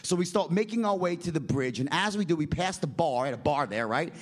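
On stage, a middle-aged man tells a comic story in an animated, profane style, constantly tossing in "right?" asides. His pitch is fairly high and he speaks fairly quickly.

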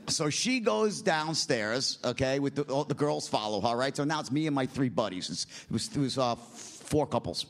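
A middle-aged man telling a long personal story in a casual, rambling, profane way, often tagging lines with "right?" and jumping up in pitch when he quotes people. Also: moderate pace, hardly any pauses. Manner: animated, jumps in pitch when quoting people. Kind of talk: casual spoken anecdote.

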